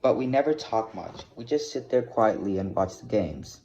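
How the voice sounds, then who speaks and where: A man reading a novel aloud at a plain, measured pace, with small slips, on a dull lo-fi recording. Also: lowish voice, animated, mellow. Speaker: reader of a novel. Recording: dull lo-fi recording with faint hiss.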